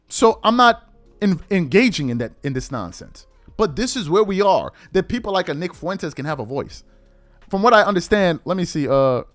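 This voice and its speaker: A man's voice: on the high side, a bit bright. A man delivering a heated, indignant commentary monologue as a YouTube commentator, emphatic and given to repeating words for stress.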